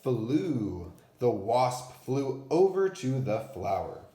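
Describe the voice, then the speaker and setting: Slow, clearly spoken male first-grade teacher. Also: medium pitch, very animated, mellow, reverberant. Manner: clear, deliberate enunciation for children. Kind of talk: phonics lesson and story read-aloud.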